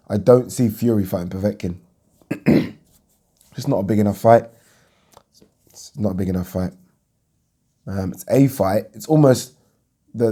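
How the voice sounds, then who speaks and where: Man, low voice, casual rambling vlog chat, restarts sentences. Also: mellow. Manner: rambling, restarts a lot, thinks aloud. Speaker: boxing pundit vlogger.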